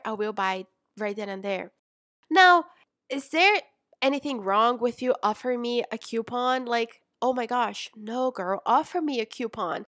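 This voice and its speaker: A young adult woman coaching in a chatty, animated way, calling her listener mama and sis. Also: a little high, a little slow, dry recording, clean studio sound. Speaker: business coach. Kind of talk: casual coaching talk.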